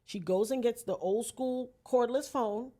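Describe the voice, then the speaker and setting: A woman's voice: a little high, unhurried, warm tone. A woman guest on a podcast, telling a dramatic personal story earnestly and vividly, acting out the voices she quotes. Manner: earnest, invokes God.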